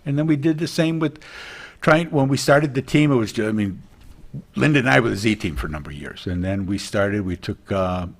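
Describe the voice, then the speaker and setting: Earnest, rambling man with a lowish voice. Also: expressive, brisk, vocal fry. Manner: rambling, earnest, many restarts. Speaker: realtor guest. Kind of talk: casual TV interview chat.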